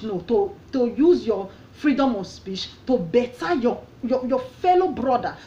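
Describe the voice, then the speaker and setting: A woman's voice: on the high side, mellow, lo-fi sound, slight background noise. Passionate Nigerian woman ranting. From Edo State, Nigeria. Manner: passionate, preachy, repeating questions. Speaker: vlogger. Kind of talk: opinion rant.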